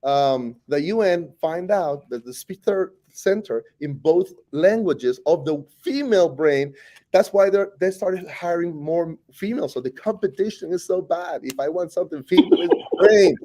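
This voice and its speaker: A Costa Rican man in his forties, a native Spanish speaker and teacher with a Costa Rican Spanish accent, talks at a moderate pace in a high voice. During a casual interview he's animated and joking, often restarting his sentences.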